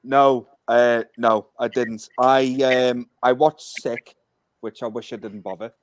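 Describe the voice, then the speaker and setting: A man's voice: medium pitch, fairly even intonation, slow, no room sound. A man with a northern English accent co-hosting a casual podcast, friendly and teasing. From northern England. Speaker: podcast co-host. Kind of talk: casual chat.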